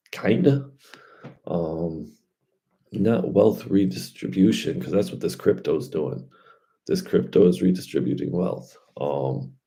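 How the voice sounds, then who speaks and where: A crypto vlogger talks casually in slangy speech, his monologue drifting loosely from one point to the next. His voice is low-pitched and gravelly, with a warm tone.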